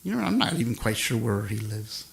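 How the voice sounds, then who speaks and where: An older man hosting his own live stream, chatting with viewers in a rambling, soft-spoken way. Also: lowish voice, big pitch swings, brisk, gravelly. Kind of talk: casual chat with viewers between songs. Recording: acoustic guitar music behind the voice.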